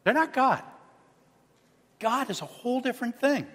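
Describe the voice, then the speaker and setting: A man preaching a sermon as pastor, animated and full of rhetorical questions, sometimes dropping to a low murmur. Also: moderate pace. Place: church sanctuary. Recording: church hall reverb.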